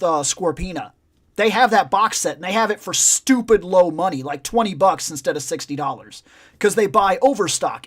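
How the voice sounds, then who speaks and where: A man hosting a casual live chat show, telling stories in an animated way and swearing a lot. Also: high voice. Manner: profane, animated storytelling. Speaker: podcast host.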